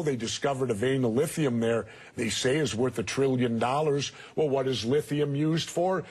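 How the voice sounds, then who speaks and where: A man's voice: medium pitch, darkish tone, slightly rough. A man in his sixties, a TV interview guest, arguing bluntly and emphatically. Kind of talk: TV news interview.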